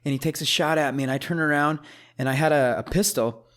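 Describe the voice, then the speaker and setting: A man hosting a casual gaming podcast, telling stories in an animated way, swearing and laughing often. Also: a little high, fast talker. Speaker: podcast host.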